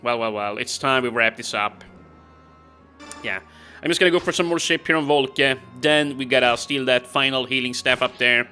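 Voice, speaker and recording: A man giving casual let's-play commentary, chatty and talking to himself as he plays. His voice is bright and forceful. Faint game music runs in the background. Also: mid-range voice, normal speed. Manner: casual, exasperated, talks to himself. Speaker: gaming video host.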